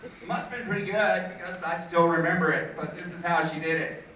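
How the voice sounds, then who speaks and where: A man's voice: high-pitched, a little fast, pushed and bright, a little hiss or hum. An older man, a teacher, doing a mock-indignant stand-up comedy routine on a school auditorium stage, heard through a distant mic. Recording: echoey hall, distant mic.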